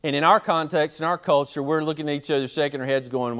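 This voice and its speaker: Male pastor, slightly high voice, animated sermon delivery with acted quotes. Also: fast, clear, resonant tone.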